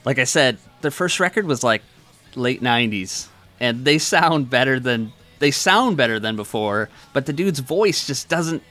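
A man's voice: medium pitch, expressive, measured pace, sharp tone, soft background music. A man from Wisconsin with an Upper Midwest American accent, hosting a podcast in casual chat. He rambles through stories and swears freely. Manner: laid-back, swears freely, rambling storyteller. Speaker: podcast host.

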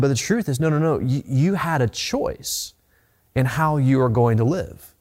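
A man delivering a sermon from the pulpit, earnest and plain-spoken. He talks straight to his listeners and often doubles up words as he drives a point home. His voice sits at an ordinary middle pitch. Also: expressive, normal speed, a little mellow. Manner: earnest, repeats words when stressing a point. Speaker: pastor.

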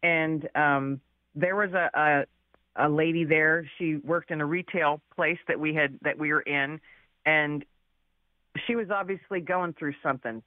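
A woman's voice: low voice, steady tone, measured pace, no room sound. Chatty lady author telling a story, laughs a lot, dry tinny phone sound. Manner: chatty, laughs often, many fillers. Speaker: author guest. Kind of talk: casual storytelling.

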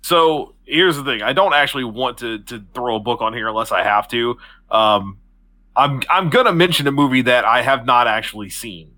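Excitable, cursing male co-host, dry sound. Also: medium pitch, moderate pace, no echo. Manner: excitable, curses often. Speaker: podcast co-host. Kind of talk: casual podcast chat.

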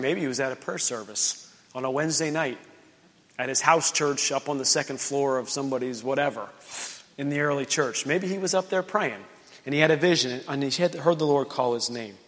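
A man pastor delivers a midweek sermon, retelling scripture with animated, conversational storytelling. He jumps into the characters' lines with playful emphasis. His voice carries a long reverb from a church hall. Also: mid-range voice, moderate pace. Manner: animated storytelling, acting out Bible dialogue with lively voices. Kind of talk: sermon at a midweek prayer service.

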